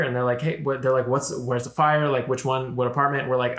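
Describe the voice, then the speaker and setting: A man's voice: mid-range voice, fast talker, few pauses, echoey room. A young man co-hosting a casual podcast, telling stories with lots of swearing and filler likes. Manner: animated storytelling, frequent swearing and filler likes. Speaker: podcast co-host. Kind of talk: casual chat.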